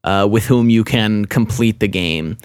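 A man's voice: lowish voice, a little slow, clean tone, no echo, clean studio sound. A man in a casual game discussion who talks hesitantly, with many fillers and restarts.

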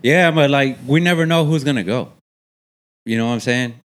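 A man's voice: mid-range voice, normal speed, fairly bright tone. Laid-back man, casual storyteller, swears a lot, laughs easily. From Texas. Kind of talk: casual chat.

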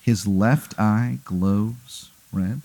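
A man's voice: fairly low pitch, extremely slow, creaky, warm tone, no room sound. A man improvising a comedic hypothetical story as podcast co-host, rambling with many fillers. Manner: rambling, filler-heavy narration.

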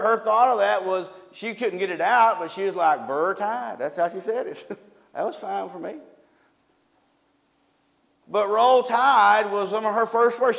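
A man's voice: high-pitched, vocal fry, a bit bright. A man preaching a sermon in a folksy way, often asking his congregation questions. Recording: long hall reverb.

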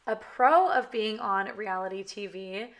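A woman's voice: mid-range voice, unhurried. Chatty Californian valley-girl woman. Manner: chatty, frequent "you know" and "like". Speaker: reality TV cast member. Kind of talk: candid direct-to-camera talk.

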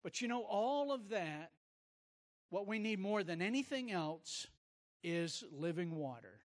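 A man's voice: sits high, a little slow. A man preaching a sermon, telling personal stories with emphatic repetition. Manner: animated storytelling, emphatic repetition.

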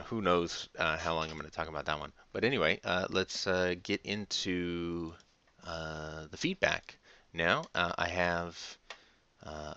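A man hosts a casual solo podcast, rambling along with plenty of fillers and easy laughs. His voice is low and smooth, with a bright edge, and he talks slowly. The recording sounds a little dull and lo-fi. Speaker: podcast host.

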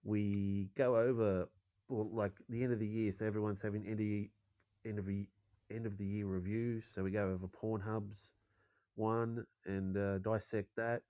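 Low-voiced man, rambling crude banter. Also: level tone, normal speed, no room sound, dull audio. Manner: crude, rambling, hesitant with fillers. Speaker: podcast co-host. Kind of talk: casual podcast chat.

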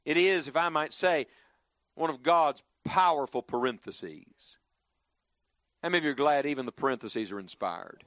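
Animated preacher. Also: male voice, on the high side, normal speed, dry recording, studio quality. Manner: lively, rising and dropping emphatically, leading the congregation in call-and-response. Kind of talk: sermon. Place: church before a congregation.

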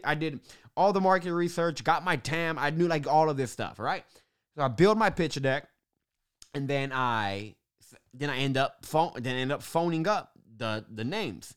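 A man telling the story of launching his business in a casual, animated monologue, swearing and laughing now and then. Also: fairly high pitch. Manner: animated, swears, laughs between beats, restarts often.

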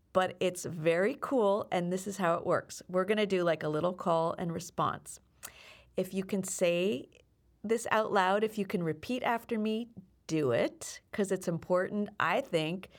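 Upbeat, encouraging woman podcast host. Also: fairly low pitch. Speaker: podcast host and self-defense teacher. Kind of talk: podcast hosting and guided affirmations.

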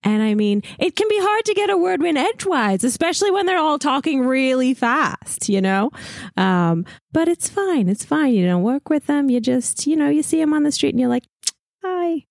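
A woman riffs in a chatty comedic monologue, sounding exasperated. Her voice is a little higher than most women's. The sound is dry and close. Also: animated, normal speed, gravelly, a little mellow, no room sound. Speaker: player.

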